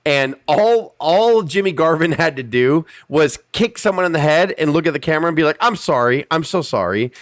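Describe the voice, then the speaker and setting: A man's voice: on the high side, brisk, few pauses. A man hosting a podcast, reviewing wrestling in casual, profane, emphatic chat. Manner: profane, emphatic, acts out quotes. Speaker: podcast host.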